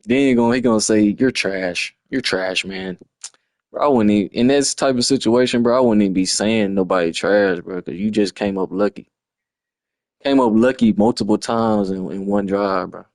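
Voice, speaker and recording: A man's voice: fairly low pitch, steady tone, a little fast, a little mellow, dry recording, clean studio sound. A man, breaking down a lost football video game in a frustrated, slangy ramble on a livestream. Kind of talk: casual game replay breakdown.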